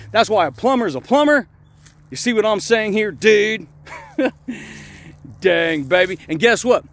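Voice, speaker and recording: Hyped high-voiced man preaching outdoors. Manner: hyped, slangy, repeats "dude" and "baby". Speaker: motivational speaker. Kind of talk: casual vlog monologue. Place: walking outdoors.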